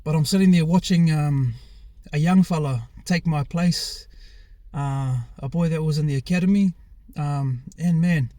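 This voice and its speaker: A man's voice: on the high side, measured pace, warm tone, dry recording. A young man with a New Zealand accent, telling his own story in a frank, casual way, with many fillers and restarts and some swearing. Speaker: former rugby player. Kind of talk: candid personal storytelling.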